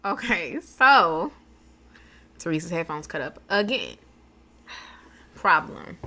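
A woman co-hosting a podcast in casual chat, excitable and quick to laugh. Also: on the low side. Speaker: podcast co-host.

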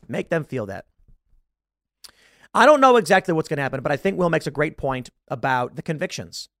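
A man in his thirties hosting a podcast, ranting about politics in an animated, mocking way. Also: on the high side, normal speed, no echo, studio quality. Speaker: podcast host. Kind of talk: political commentary rant.

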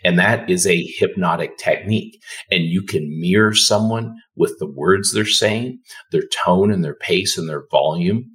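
A man with a very low voice talks as a podcast guest. He speaks in a calm, soothing and unhurried way, explaining ideas to the host in relaxed conversation. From Canada. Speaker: dentist guest.

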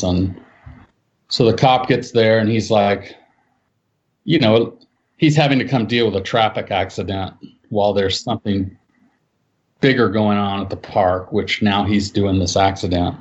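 A man telling a personal eyewitness story in casual speech, acting out what people said with his voice jumping up for the quotes. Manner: animated, acts out quotes with raised pitch. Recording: dull lo-fi sound.

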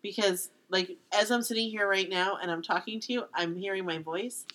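A woman co-hosting a casual talk show, calm and supportive, with a dry, unemotional manner. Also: medium pitch, normal speed. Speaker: podcast co-host. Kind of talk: casual chat.

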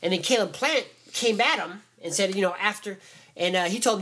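A man's voice: high voice, a little fast, sharp tone. A man co-hosting a casual podcast chat, rambling with fillers and restarts. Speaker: podcast co-host.

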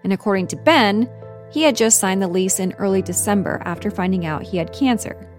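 A woman tells her own story in a measured, earnest scripted narration, her voice sitting at an ordinary middle pitch. Soft music plays faintly underneath.

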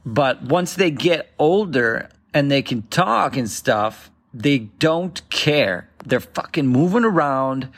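A man's voice: mid-range voice, animated, takes it slowly, few pauses. A man in his thirties performing a rambling stand-up routine, acting out other voices as he goes. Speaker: stand-up comedian.

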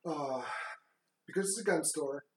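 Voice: medium pitch, normal speed, darkish tone, a little hiss or hum. Co-host summarizing a movie plot. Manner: plain summarizing with fillers and restarts. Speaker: podcast co-host. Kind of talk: casual movie recap chat. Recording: roomy echo.

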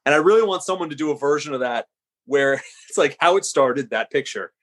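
A man's voice: on the high side, animated, fairly quick. A man, a screenwriter guest on a podcast, reflective and self-deprecating, with hesitant fillers. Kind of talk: casual interview chat.

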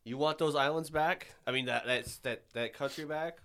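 Deadpan joking young man. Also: on the high side, moderate pace. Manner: short deadpan reactions and crude quips. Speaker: podcast co-host. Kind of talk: casual comedy chat.

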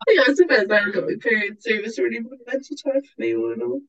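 A woman co-hosting a chatty podcast, telling an anecdote with lots of swearing and animated quoted voices. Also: fairly high pitch, very fast, vocal fry, distant mic, dull audio. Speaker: podcast co-host. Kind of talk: casual chat.

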